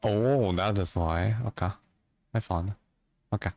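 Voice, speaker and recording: A man's voice: lowish voice, a little slow, darkish tone, slight background noise. A man chatting casually with viewers as a livestream host, joking around.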